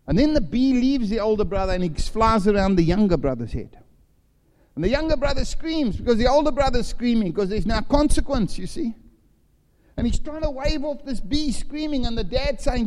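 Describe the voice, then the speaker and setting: Older guy preaching, dark mellow voice, big hall echo, tells stories with little voices. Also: high voice, very animated, normal speed. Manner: storytelling, acts out voices in his anecdotes. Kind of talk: sermon. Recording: long hall reverb.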